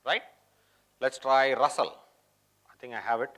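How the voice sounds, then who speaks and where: A man's voice: medium pitch, a little slow, a bit bright. A man presenting a live coding demo at a tech conference, chatty and always checking in with the audience. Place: conference hall.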